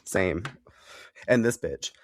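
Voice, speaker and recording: A young man co-hosting a casual podcast, animated and giggly, swearing casually as he chats. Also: low voice, takes it slowly, no echo. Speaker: podcast co-host.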